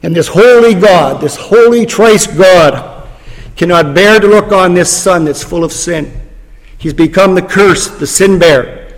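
A man delivers a dramatic sermon in a notably high voice. He slows and drops quiet on key phrases for weight. The sound rings out with a long hall reverb. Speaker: preacher.

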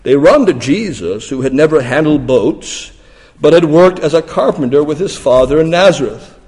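A man preaching a sermon in a slightly high voice. He drops to a hush, then rises into loud, emphatic questions. His voice trails off into a long reverb from a large hall. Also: lively intonation, normal speed. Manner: dramatic, swings from hushed to loud emphatic questions. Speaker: pastor.

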